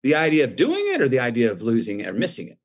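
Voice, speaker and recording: A man in his fifties with a drawl, telling a relaxed personal story in an interview. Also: medium pitch, racing. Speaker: guest.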